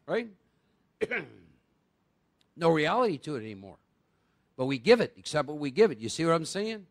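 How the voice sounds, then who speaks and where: Male workshop speaker, gravelly and talkative, constantly asking his audience questions. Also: a little high, very animated, moderate pace, pauses often. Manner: conversational, quizzes the audience with rhetorical questions. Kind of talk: live workshop talk.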